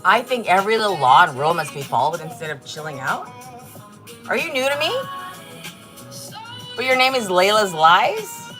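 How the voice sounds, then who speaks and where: A woman's voice: mid-range voice, sing-song, moderate pace, pauses often, music in the background. A woman hosting a casual livestream, reading chat comments aloud and mocking them with plenty of swearing. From Korea. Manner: sassy, mocking, swears a lot. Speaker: livestream host.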